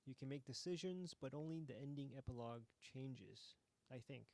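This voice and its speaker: A man hosts a game jam and talks through a game in a relaxed, casual way, often pausing on ums. His voice sits at an ordinary middle pitch. The sound is dry, with no room echo. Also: gravelly. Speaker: host of a game jam, playing a game.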